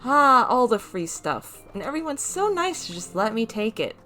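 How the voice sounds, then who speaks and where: A woman's voice: a little high, sing-song, moderate pace, pushed and bright, faint music behind. Giggly woman playing a game. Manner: playful and giggly. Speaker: let's play host. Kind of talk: casual gameplay commentary.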